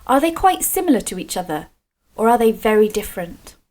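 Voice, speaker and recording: A woman from Scotland leading a creative writing video workshop for children, explaining slowly and clearly with encouragement. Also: fairly high pitch, big pitch swings, a little mellow.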